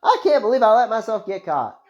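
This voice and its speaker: A man's voice: sits high, wildly swooping pitch, quick pace, voice pushed up. Man doing a cheeky little bunny with a put-on accent. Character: chirpy little star bunny, boastful and cheeky. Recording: slightly muffled, game music behind.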